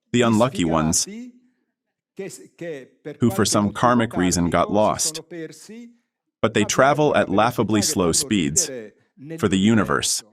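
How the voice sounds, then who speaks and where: Indignant Italian man ranting on stage. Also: lowish voice. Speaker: conference speaker. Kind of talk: impassioned lecture. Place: theatre with audience.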